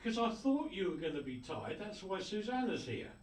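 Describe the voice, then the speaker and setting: A man hosting a radio show, chatting casually and jokingly as he reads out listener greetings. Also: moderate pace. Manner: jokey, chatty, with lively swings of pitch. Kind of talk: casual on-air chat, reading listener messages. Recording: roomy, distant mic with faint noise.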